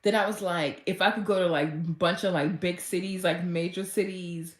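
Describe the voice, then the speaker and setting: A woman fitness vlogger talking casually and gushing with excitement, full of "like" fillers. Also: on the low side, moderate pace, reverberant. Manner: gushing and chatty, heavy use of "like", and bursts of excitement. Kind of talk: casual motivational vlog talk.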